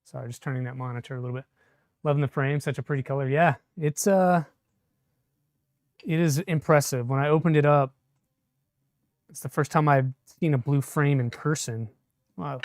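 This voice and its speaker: A man's voice: mid-range voice, moderate pace, a little mellow, dry recording, studio quality. A man chatting casually on a live stream while he assembles a 3D printer, answering viewer comments as he works. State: a bit shaky from caffeine.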